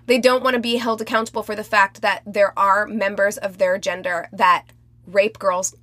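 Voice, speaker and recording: A woman's voice: medium pitch, flat delivery, moderate pace, bright, forceful tone, no echo. A woman co-hosting a podcast in casual chat, talking bluntly and swearing freely. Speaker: podcast co-host.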